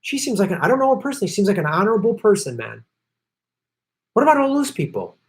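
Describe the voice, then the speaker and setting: A man's voice: high voice, wildly swooping pitch, fast talker. A middle-aged man hosting a political commentary show, ranting angrily and emphatically, with frequent profanity and repeated lines. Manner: angry, profane, emphatic and repetitive.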